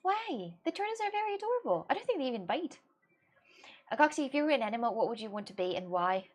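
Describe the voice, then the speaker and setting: A woman's voice: sits high, sing-song, quick pace. A young woman whose first language is Russian, livestreaming and chatting casually with her viewers, scattered and giggly, often laughing and restarting her sentences. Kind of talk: casual chat with live viewers.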